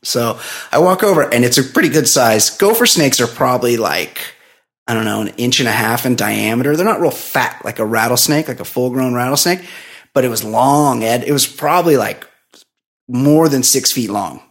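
A man's voice: mid-range voice, expressive, normal speed. A middle-aged man co-hosting a podcast, telling a long casual story full of "like" and frequent laughs. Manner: rambling anecdote full of "like", laughs often. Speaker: podcast co-host.

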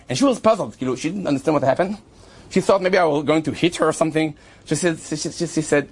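A man, telling a story to a rabbi with animated voices, laughs and sudden shouts. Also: on the high side, fast talker. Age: 20s.

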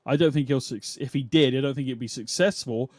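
Brief: male podcast host, relaxed and questioning, mid-range voice, dry close mic. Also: medium pitch, a little fast, no echo. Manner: musing, questioning, laughs often. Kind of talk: casual chat.

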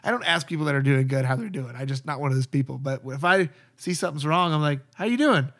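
A man's voice: mid-range voice, fast, a bit bright. A man, a pastor, talking earnestly and conversationally about church community. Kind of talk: casual podcast talk.

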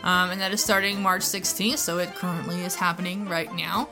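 A woman's voice: lowish voice, flat delivery, a little fast, music in the background. A woman co-hosting a podcast, reading menu items in easygoing casual chat. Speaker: podcast co-host.

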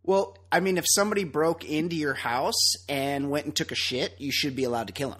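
A man's voice: fairly high pitch, a little fast, a bit bright. A man hosting a podcast, chatting casually and ranting bluntly with plenty of swearing. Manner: blunt, profane, opinionated ranting. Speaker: podcast host. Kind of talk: casual chat.

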